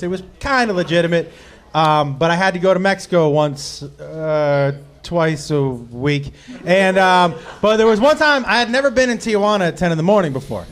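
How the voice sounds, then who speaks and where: A man, a guest comedian on a live podcast, telling a comic story with a wry, drawn-out buildup to the punchlines. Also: on the high side. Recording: live audience laughter.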